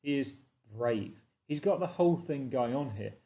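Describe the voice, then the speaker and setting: A man teaching a literature revision lesson, explaining with emphasis and reading quotes slowly, on a slightly dull recording. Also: medium pitch, lively intonation.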